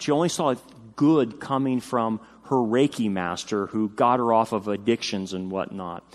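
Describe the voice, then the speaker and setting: A man preaching a sermon as pastor, speaking in an animated, emphatic way that builds in excitement. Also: mid-range voice. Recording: long reverb of a church hall.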